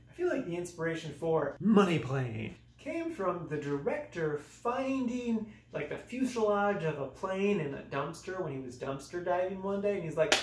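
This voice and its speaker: A man's voice: sits high, animated, moderate pace, few pauses, a little mellow. A young man casually reviewing movies in a self-mocking, exaggerated way, with sudden dramatic swings in his voice. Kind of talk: casual comedic review monologue. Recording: echoey room, voice a bit off-mic.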